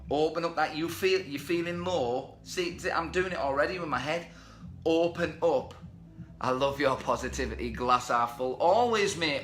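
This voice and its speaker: A man's voice: mid-range voice, a bit bright, roomy sound. A man hosting a motivational live stream from home, talking energetically and reading out viewer comments. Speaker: host. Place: indoors at home. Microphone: webcam or phone.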